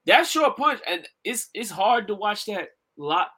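A man co-hosting a podcast in casual chat, an animated storyteller who laughs often. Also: high voice, measured pace. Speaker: podcast co-host.

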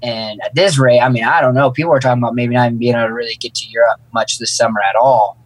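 A man's voice: mid-range voice, steady tone, very fast, no room sound, poor audio. Easygoing rambling male guest. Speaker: guest, snowboarder. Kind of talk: casual interview chat.

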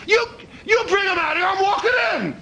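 A man voicing a furious man who storms in demanding to see God, shouting in a frantic, shrill voice. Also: wildly swooping pitch, moderate pace, noisy background, exaggerated voice.

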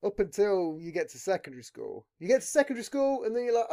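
A man talking loosely on his own podcast, his pitch bouncing all over as he rambles. He swears in nearly every sentence and keeps looping back on his own thoughts. The tone is an easygoing, unscripted chat between friends. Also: fast talker, vocal fry. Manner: swears constantly, rambling, lively. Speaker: podcast host. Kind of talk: casual chat.

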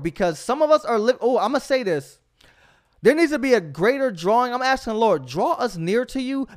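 A man preaching fervently in a podcast sermon, exhorting his listeners and often calling out "come on". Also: high-pitched. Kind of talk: sermon-style podcast teaching.

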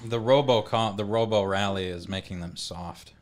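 Low-voiced man teasing on a podcast. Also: normal speed. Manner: teasing, profane banter. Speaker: podcast co-host. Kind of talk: casual chat.

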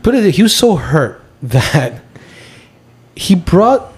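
A man co-hosting a podcast, debating a film in casual chat, animated and full of restarts. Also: high-pitched, slow, slightly rough. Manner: animated, argues his point with frequent restarts. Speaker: podcast co-host.

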